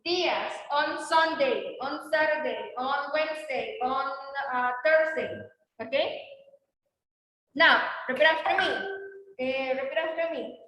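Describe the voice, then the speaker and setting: A woman's voice: high-pitched, unhurried, sharp tone. A woman teaching English in a classroom, leading repeat-after-me drills and coaxing her students along. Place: classroom, indoors. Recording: echoey classroom from far off.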